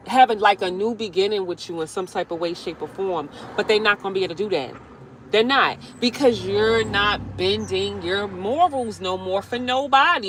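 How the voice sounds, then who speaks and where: A woman's voice: medium pitch, slight background noise. A young woman giving a live-streamed tarot reading outdoors beside a road, talking in a chatty, slangy, emphatic way. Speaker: tarot reader.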